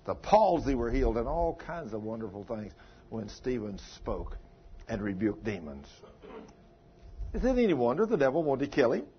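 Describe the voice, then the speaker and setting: A man's voice: medium pitch, very animated, normal speed, slight background noise. A man preaching a sermon, telling stories with strong rises and falls in his voice. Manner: emphatic, rising and falling with storytelling. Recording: dull lo-fi recording.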